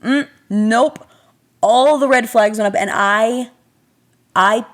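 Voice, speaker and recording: A young adult woman vlogger telling a personal story in a chatty, animated, self-deprecating way, talking straight to her viewers. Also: on the high side, slow pace. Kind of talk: casual storytelling to camera.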